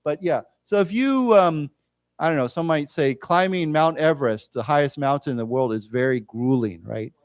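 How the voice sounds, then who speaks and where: An English teacher goes word by word through a vocabulary lesson in a library lecture room, explaining patiently and prompting the class to repeat. His voice is a little high for a man, moving at a moderate pace, and the audio is close and dry with no room sound.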